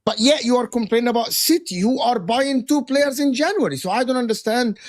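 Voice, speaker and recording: A man on a football podcast panel who teases his co-hosts and lectures in an animated, heated debate. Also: very high-pitched, a little fast, dry recording, clean studio sound.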